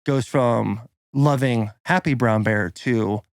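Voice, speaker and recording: A man's voice: medium pitch, slow pace, no room sound, clean studio sound. A young man co-hosting a podcast, telling a rowdy story in casual chat and acting out the quotes. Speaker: podcast co-host.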